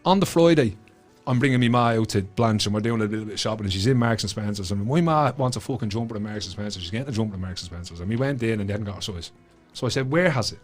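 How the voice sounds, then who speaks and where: A man's voice: fairly low pitch, expressive, rapid-fire, faint music behind. A man with a Dublin Irish accent, a guest author telling a story with lots of swearing and acted-out voices. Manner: swears freely, acts out the voices in his stories. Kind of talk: animated storytelling.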